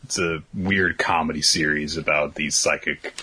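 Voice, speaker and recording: A man's voice: rumbling low, steady tone, normal speed, sharp tone, husky. A man co-hosting a podcast, talking casually and bluntly, with many fillers. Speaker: podcast co-host.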